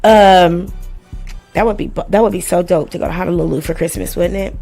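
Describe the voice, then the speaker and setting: A woman's voice: lowish voice, steady tone, brisk, dark tone, faint music behind. A woman hosting a live stream, reading and commenting on a lawsuit in a blunt, profane and sarcastic way.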